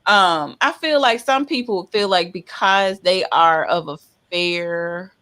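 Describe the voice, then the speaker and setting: A woman's voice: fairly low pitch, slow pace, bright, forceful tone. A middle-aged woman rambling and hesitating as she chats casually in a group recap. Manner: rambling, hesitant, laughs often.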